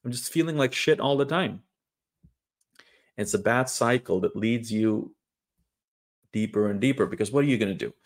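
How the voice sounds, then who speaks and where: Earnest young man speaking candidly. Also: on the low side. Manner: earnest, raw, halting with restarts. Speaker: online creator sharing personal story. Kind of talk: candid personal monologue.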